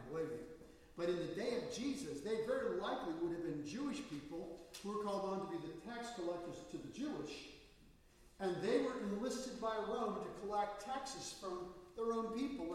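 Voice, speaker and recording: Male pastor, high voice, storytelling sermon, recorded from far off in a church with a long reverb. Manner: storytelling, animated quoting of people. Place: church sanctuary. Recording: echoey hall, voice from far off.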